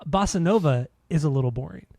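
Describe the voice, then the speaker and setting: A man's voice: a little high, animated, fast, vocal fry, mellow, no room sound. A man co-hosting a casual music podcast, laid-back and swearing, laughing often. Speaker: podcast co-host.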